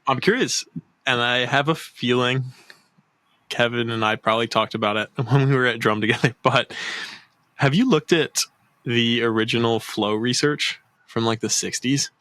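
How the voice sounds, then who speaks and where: A man's voice: mid-range voice, moderate pace, sharp tone, no room sound. A man hosting a casual interview, attentive and giving frequent mm-hmms. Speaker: podcast host.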